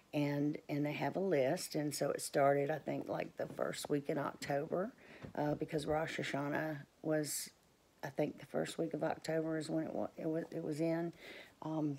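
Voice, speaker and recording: Low-voiced woman, rambling and devout. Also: mellow. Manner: rambling and devout, with many fillers and restarts. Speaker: homestead vlogger. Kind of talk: casual vlog chat.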